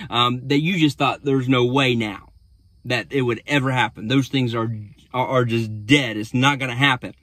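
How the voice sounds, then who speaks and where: A man's voice: mid-range voice, fairly bright tone, no room sound. A man, a pastor, recapping a sermon in a casual storytelling way with frequent restarts.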